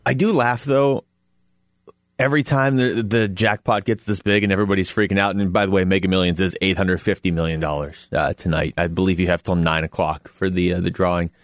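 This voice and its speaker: A man's voice: low-pitched, fairly even intonation, no echo. A man hosting a sports radio show from a studio, talking casually and laughing often between points. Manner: chatty, laughs often, quick asides.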